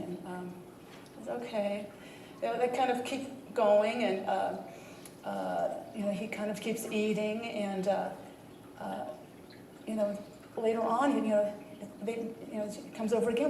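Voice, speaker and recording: A woman's voice: mid-range voice, normal speed, darkish tone, slight background noise. Folksy woman minister in an echoey church. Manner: folksy, rambling, with many fillers. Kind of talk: sermon. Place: church sanctuary.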